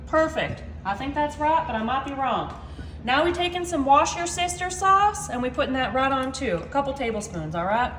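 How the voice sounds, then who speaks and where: A woman hosts a home cooking video. She chats in a folksy, friendly way straight to her viewers, and her voice sits high. Her kitchen sounds echoey, with faint room noise behind her. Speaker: home cooking channel host. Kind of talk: casual cooking demo chat.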